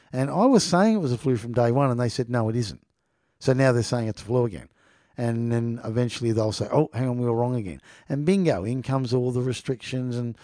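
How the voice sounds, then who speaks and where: A man's voice: medium pitch, dark tone, dry recording, studio quality. A man reading news aloud and commenting casually, sarcastic, laughing often and stumbling over hard words.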